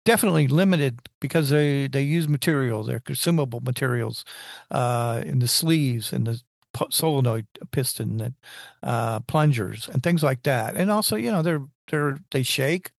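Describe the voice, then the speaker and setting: A man's voice: mid-range voice, animated, normal speed, gravelly, dry recording, clean studio sound. A man in casual technical conversation, rambling and restarting his sentences as he explains engineering ideas.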